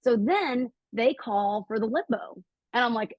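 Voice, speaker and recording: A middle-aged woman telling a personal story as a podcast guest, acting out quotes with lively jumps in her voice. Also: a little slow, no echo, muffled recording. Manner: animated, acts out quotes with lively pitch jumps.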